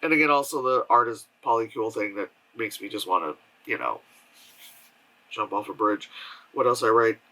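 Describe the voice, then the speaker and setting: A man's voice: fairly low pitch, normal speed, bright, forceful tone, rough recording. A man giving a casual spoken film review from home, rambling with lots of fillers and acting out quotes in mocking voices. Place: home room with air purifier hum.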